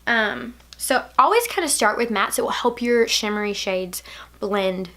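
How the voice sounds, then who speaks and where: A young woman from Alabama with a Southern accent, chatting casually through a makeup tutorial, playful and drifting into soft asides. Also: medium pitch, lively intonation, moderate pace. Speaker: beauty vlogger.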